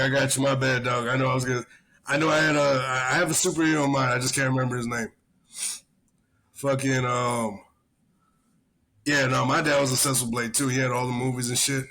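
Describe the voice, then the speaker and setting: A man's voice: mid-range voice, bright, forceful tone. Rambling, profane male podcast host. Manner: rambling, swears constantly, tells stories. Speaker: podcast host, army veteran. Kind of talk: casual profane chat.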